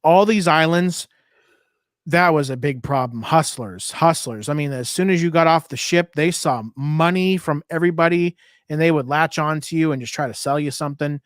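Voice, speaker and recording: A man's voice: a little high, moderate pace, no room sound, studio quality. A man co-hosting a podcast, chatting casually and telling easygoing travel stories. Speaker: podcast co-host.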